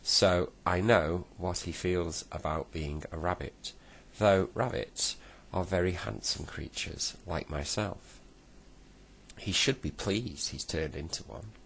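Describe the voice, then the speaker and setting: A man voicing a vain, friendly male rabbit who runs a garage, flattering and pleased with himself. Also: deep voice, takes it slowly, creaky, slight background noise, heavily acted.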